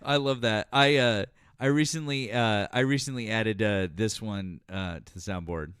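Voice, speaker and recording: A man's voice: fairly low pitch, normal speed, fairly bright tone, clean tone, no room sound. A man hosting a casual political chat show, telling stories in a rambling way with many restarts. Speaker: podcast host.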